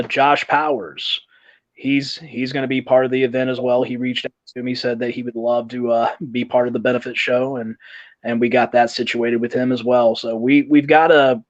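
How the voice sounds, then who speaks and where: A man's voice: medium pitch, no echo. A man speaking as a guest in a casual interview, earnest and hesitant, on a dull lo-fi recording. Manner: earnest, many fillers and restarts. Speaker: event organizer guest.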